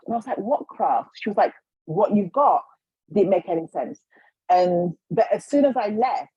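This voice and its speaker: Woman guest, storyteller who acts out the people she quotes, husky voice, dry slightly dull recording. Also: medium pitch, warm tone, no room sound. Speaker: guest, healer and psychic. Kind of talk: storytelling in a casual interview.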